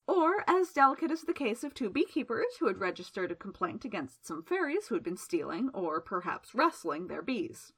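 A woman narrating a fantasy novel aloud in a lively, expressive storytelling manner. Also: medium pitch, husky. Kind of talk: audiobook narration.

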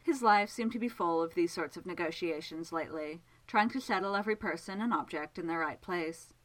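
A woman narrating a story aloud in a gentle, measured, expressive way. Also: on the low side, poor audio. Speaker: reader.

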